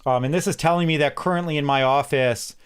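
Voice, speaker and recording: A man hosting a casual tech livestream from his home office, chatting in a relaxed way with frequent ums and restarts. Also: a little high, quick pace, smooth. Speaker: livestream host.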